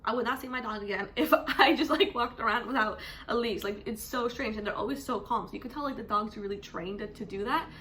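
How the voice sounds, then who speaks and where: A young woman from Canada talks casually to camera, chatty and animated, her voice bright and forward. Faint room hum sits behind her. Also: fairly high pitch, fairly quick. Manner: chatty, animated, says "like" constantly. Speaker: vlogger; teacher. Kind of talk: casual vlog chat.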